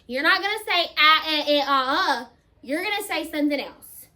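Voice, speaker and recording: Bossy letter R, put on by a woman teacher, commanding, high, bright. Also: lively intonation, moderate pace. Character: bossy letter R scolding a vowel.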